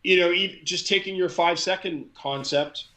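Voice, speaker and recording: Energetic middle-aged man telling a story. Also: high voice, moderate pace, low-quality recording. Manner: energetic, repeats words when excited. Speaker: guest, crowd hype man. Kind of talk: casual storytelling.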